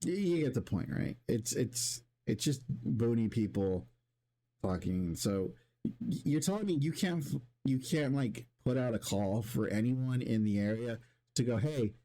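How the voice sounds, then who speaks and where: A man's voice: mid-range voice, expressive, a little slow, warm tone. A man streaming and talking casually to his chat, rambling with many restarts and casual swearing.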